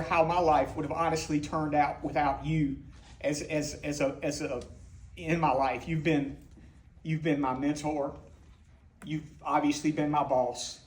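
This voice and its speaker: A man in his fifties giving a halting, openly emotional tribute speech to his longtime boss. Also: fairly high pitch, a little hiss or hum.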